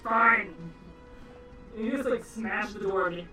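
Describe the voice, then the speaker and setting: A man's voice: high voice, fast talker, over music. A man narrating as game master in a casual tabletop session, with loose phrasing and frequent restarts. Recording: echoey room, distant mic, faint hiss.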